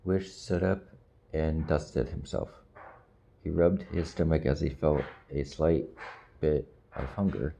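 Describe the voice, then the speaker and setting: A man reading a storybook aloud in slow, measured audiobook narration. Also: a bass voice, steady tone, vocal fry, warm tone, slight background noise.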